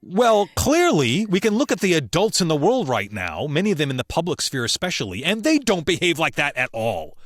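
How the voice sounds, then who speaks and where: A man who works as a voice actor, telling personal stories as a podcast guest in an earnest, emphatic way with slow, weighty pauses. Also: fairly high pitch, very animated, no echo, studio quality. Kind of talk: reflective interview storytelling.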